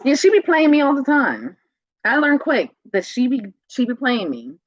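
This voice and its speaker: A woman telling casual home stories, laughing often and switching into a high sing-song voice for a toddler. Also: wildly swooping pitch, moderate pace, no echo, highs cut off. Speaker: vlogger. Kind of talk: casual chat.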